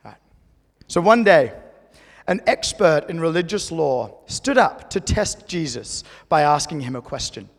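A man preaches to his congregation in an easy, conversational way. His voice sits high and has a gravelly edge. It rings out with the long reverb of a church hall. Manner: conversational, animated storytelling preacher. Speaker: pastor. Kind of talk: sermon.

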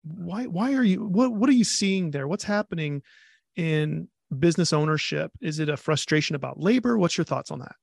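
A man with an Ohio accent, co-hosting a podcast in a chatty, easygoing way with quick laughs. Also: fairly high pitch, expressive, gravelly, dry recording, studio quality. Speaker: podcast co-host. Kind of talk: podcast interview.

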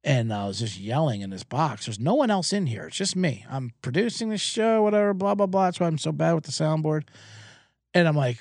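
Rambling male betting-show host, high voice with big swings, dry booth sound. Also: a little fast, no room sound. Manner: rambling, excitable, profane. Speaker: podcast host and sports bettor. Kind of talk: casual sports betting rant. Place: small booth, alone.

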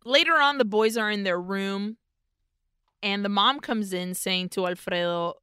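A woman's voice: mid-range voice, measured pace, bright, forceful tone, clear, resonant tone, dry recording, clean studio sound. A woman co-hosting a podcast, animatedly retelling a film plot in casual chat and slipping Spanish words into her English. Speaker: podcast co-host.

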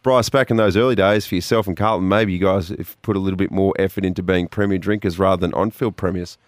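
Deep-voiced male radio host. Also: steady tone, fast talker, no echo. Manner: upbeat, teasing, laughs often. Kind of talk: casual radio banter. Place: radio studio.

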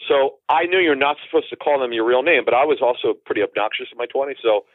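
A man's voice: mid-range voice, fast, dry recording. A man in his forties, a guest calling in, telling stories in a rambling way with lots of restarts. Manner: rambling, many restarts and asides. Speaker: guest, football insider. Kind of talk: casual storytelling interview. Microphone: phone call. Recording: tinny phone line, dry.

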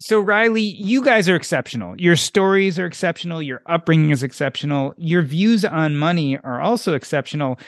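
A man's voice: on the high side, lively intonation, a little fast, hardly any pauses, no echo, studio quality. A man hosting a podcast interview, asking questions with enthusiastic, emphatic repetition. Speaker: podcast host.

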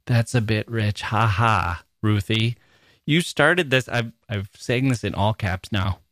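A man's voice: lowish voice, steady tone, a little slow, fairly bright tone, dry recording, clean studio sound. A man with an American accent hosting a podcast, reading listener mail aloud in a playful, jokey and self-mocking way. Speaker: podcast host. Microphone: studio microphone.

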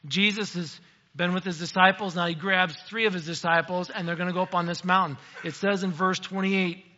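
A man's voice: high voice, fairly even intonation, fairly quick, pushed and bright, big-room sound, highs cut off. A middle-aged man, a pastor, preaching a sermon in a church sanctuary in a conversational, self-deprecating storytelling way.

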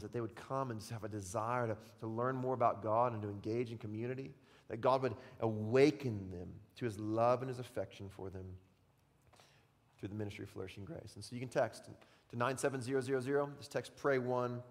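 A pastor preaching a sermon and retelling a story with drama, dropping to a hush and then rising to loud excitement. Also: male voice, mid-range voice. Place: church sanctuary. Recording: long reverb of a large hall.

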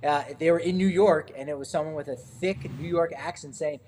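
A man co-hosting a casual sports podcast, talking in a relaxed, rambling way with many fillers and restarts. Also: fairly high pitch, a little fast, hardly any pauses, a little hiss or hum. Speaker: podcast co-host.

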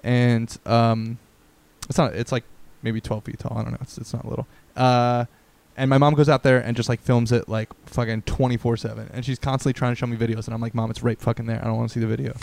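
A man in his thirties co-hosting a casual podcast, rambling and joking with a lot of swearing and animated bursts. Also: mid-range voice, fairly quick, creaky. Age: 30s. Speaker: podcast co-host. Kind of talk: casual chat.

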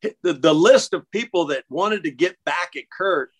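A middle-aged man telling stories in casual conversation, halting and restarting with many repeated words. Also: high-pitched, lively intonation. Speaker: interview guest. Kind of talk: casual storytelling.

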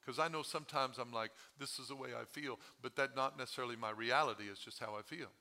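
A man's voice: mid-range voice, quick pace, pushed and bright. A male pastor preaching a sermon, his voice strained from overuse, talking with the congregation and asking them questions. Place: church sanctuary.

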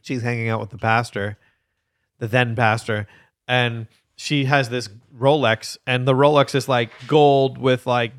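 A man's voice: mid-range voice, fairly even intonation, unhurried. A man co-hosting a podcast, telling a prank story in casual chat with frequent laughter. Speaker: podcast co-host.

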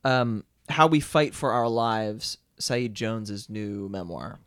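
A man's voice: fairly low pitch, slow pace, smooth, no echo, studio quality. A man co-hosting a podcast, recommending books in a casual, enthusiastic and rambling way. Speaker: podcast co-host. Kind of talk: casual chat, book recommendation.

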